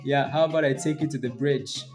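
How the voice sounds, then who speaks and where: A man's voice: medium pitch, fairly even intonation, fairly quick, music in the background, natural voice. A man voicing a stock chart's price zone as a male figure picking a fight, in a mock tough-guy taunt.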